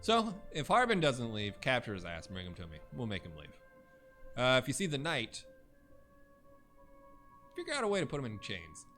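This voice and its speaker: A man voicing a bossy male bandit leader in a tabletop game, loud, commanding and threatening. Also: medium pitch, wildly swooping pitch, moderate pace, long pauses, faint music behind.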